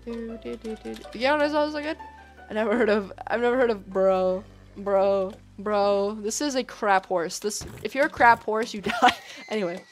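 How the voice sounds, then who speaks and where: A young woman with a high, bright voice chats and giggles her way through a live gaming stream, talking straight to her viewers. Faint game music plays under her voice. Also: moderate pace. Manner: giggly, chatty, talks straight to chat, calls people bro. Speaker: livestreamer.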